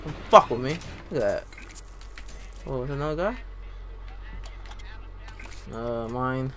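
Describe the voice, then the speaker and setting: Excitable young man narrating gameplay. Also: medium pitch, slow pace, pauses often, soft background music. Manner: excitable, swearing, talking to himself. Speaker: let's play gamer. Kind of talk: casual gameplay commentary.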